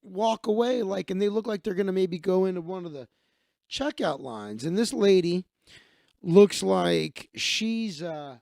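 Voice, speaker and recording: Gravelly, high-voiced male streamer. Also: expressive, a little mellow, no echo, studio quality. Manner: rambling, profane, quick asides. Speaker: live stream host. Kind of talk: casual live stream storytelling and chat replies.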